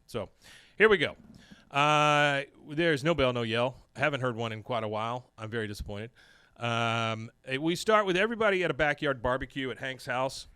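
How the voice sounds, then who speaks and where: A man's voice: mid-range voice, normal speed, pushed and bright, smooth, dry recording. Podcast host, man, casual plot recap, clean and dry. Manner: reads episode plot with quoted lines, laughs often.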